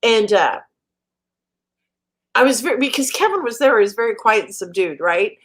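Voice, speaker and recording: Lively storytelling woman, animated pitch. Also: moderate pace. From American Midwest. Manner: animated, laughs often, funny anecdotes. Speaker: guest author. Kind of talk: casual storytelling interview.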